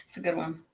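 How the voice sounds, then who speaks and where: A woman's voice: mellow, a little hiss or hum. A woman guest on a podcast, talking casually and reflectively, chatty with frequent laughs and lots of fillers and restarts. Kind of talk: casual reflective interview talk.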